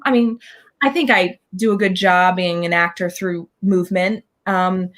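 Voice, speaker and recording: A woman guest on an interview show, telling a story excitedly in a rambling way with many restarts. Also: on the low side, measured pace. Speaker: guest actor. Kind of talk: casual interview chat.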